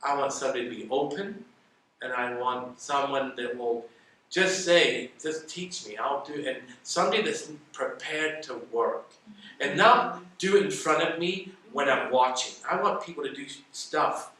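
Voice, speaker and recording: A man with a bright, forceful voice talks through stories in a relaxed interview, acting out the lines of the people in them. He is picked up from a distance in a very echoey room with a little background noise. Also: medium pitch, moderate pace. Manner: animated, acts out quoted dialogue. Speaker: interview guest. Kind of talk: casual interview storytelling.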